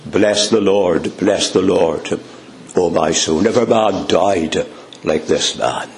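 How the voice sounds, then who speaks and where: Man preaching, slow, dramatic pauses, echoey church, faint ambience. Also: a little hiss or hum. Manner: dramatic pauses, drops low on refrains. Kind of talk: sermon. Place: church hall.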